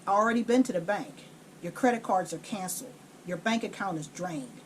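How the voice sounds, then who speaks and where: A woman quoting an angry older man in a story, speaking low, clipped and furious as she tells him off. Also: expressive, brisk, a little hiss or hum, close to an everyday voice. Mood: cold.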